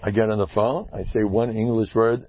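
An older rabbi with a husky voice preaches in a lively, joking way. He leaps up into loud high-pitched outbursts, then drops to soft asides. The recording is dull and dry. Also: normal speed, no echo. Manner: animated, swings to loud high exclamations and hushed asides. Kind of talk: lively Torah talk with jokes.

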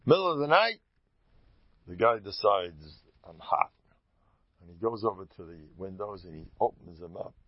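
Animated rambling man, dull dry recording. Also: sits low, moderate pace, long pauses, no room sound. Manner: animated, rambling, chuckling, with many restarts. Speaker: Hasidic storyteller giving a talk. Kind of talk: informal storytelling talk.

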